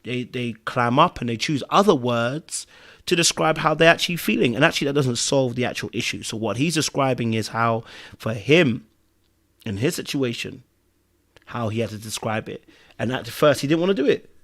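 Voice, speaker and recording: A man with a British accent co-hosting a casual podcast, animated and swinging between loud bursts and hushed asides. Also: medium pitch, moderate pace. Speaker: podcast co-host.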